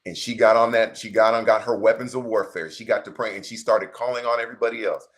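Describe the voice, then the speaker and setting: A pastor with a lowish voice tells a story in a relaxed chat. He speaks earnestly and turns often to the viewers to pull them in. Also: quick pace. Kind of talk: casual chat.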